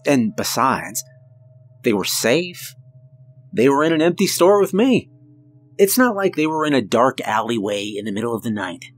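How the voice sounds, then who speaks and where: A man tells a first-person horror story in a mid-pitched, ordinary voice, building tension with measured pacing and drawn-out pauses. Faint music sits quietly behind him. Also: sing-song. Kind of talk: scripted horror narration.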